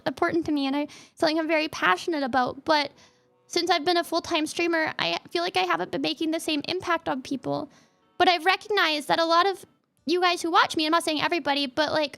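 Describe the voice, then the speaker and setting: A young woman chats to her viewers on a livestream, rambling and heartfelt, with plenty of "like" fillers. Her voice sits very high and sounds bright and sharp. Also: creaky. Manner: rambling and emotional, many "like" fillers. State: teary, near crying. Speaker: VTuber streamer. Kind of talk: casual livestream chat.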